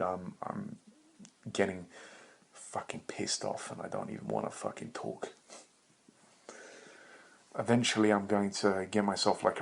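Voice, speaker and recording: A man's voice: lowish voice, vocal fry. A young man hosting a solo podcast, rambling in a meandering, profane, self-mocking way with bursts of laughter. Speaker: podcast host.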